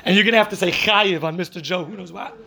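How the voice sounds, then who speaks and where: A man, a rabbi, teaching a class on the weekly Torah portion, telling stories lively, acting out the people he quotes and mixing in Hebrew and Yiddish terms. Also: high voice, fast, creaky.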